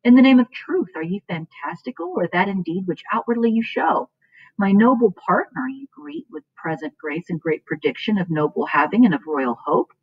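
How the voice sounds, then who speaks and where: A woman's voice: medium pitch, big pitch swings, moderate pace, slightly rough, dry recording. A woman reading the lines of an honorable male soldier questioning strange figures, in a dull, dry recording. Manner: reads the old verse aloud, puzzled and probing.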